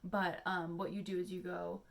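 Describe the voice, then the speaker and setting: A woman's voice: lowish voice, little pitch movement, moderate pace, gravelly, a little hiss or hum. Chatty young woman explaining poetry. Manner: chatty, filler-heavy, soft-spoken. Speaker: poetry channel host. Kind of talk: casual teaching vlog.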